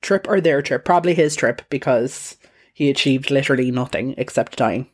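A woman with a low voice co-hosts a casual podcast. She reacts with laughs and quick asides as her co-host talks. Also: breathy edge. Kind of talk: casual chat.

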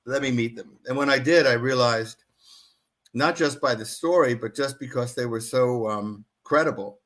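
A man reads from his own book and then talks as an interview guest. He speaks earnestly, with frequent restarts and fillers. His voice sits at a middle pitch. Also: moderate pace, a bit bright. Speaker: author and guest. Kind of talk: book reading and interview talk.

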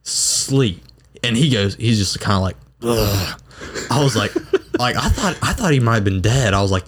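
A man's voice: fairly low pitch, big pitch swings, normal speed, husky. A young man, a recent graduate, telling a story with lots of filler words and laughter. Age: young adult. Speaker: podcast guest. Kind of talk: casual chat.

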